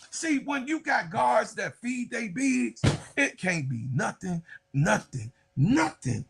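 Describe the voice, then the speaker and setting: A man hosting a sports podcast, giving excitable, loud, casual commentary and talking straight to his viewers. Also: extremely high pitch, husky. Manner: excitable, loud, chatty, talks to viewers as y'all.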